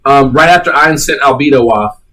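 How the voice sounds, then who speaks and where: A man's voice: mid-range voice, a little fast, pushed and bright, rough recording. A man co-hosting a casual podcast, swearing freely and retelling scenes by acting out the characters' lines. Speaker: podcast co-host. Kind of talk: casual chat.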